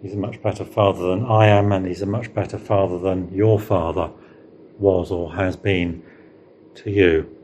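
A middle-aged man preaching a sermon, leaning on rhetorical questions and slowing down to stress key words. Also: low voice, steady tone, a little mellow, slight background noise. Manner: rhetorical questions, emphatic rises and slowed stresses.

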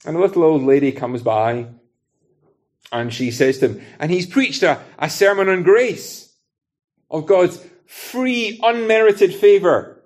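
A man's voice: on the high side, animated, normal speed. A man from Britain preaching a sermon in an earnest, conversational way, using everyday illustrations.

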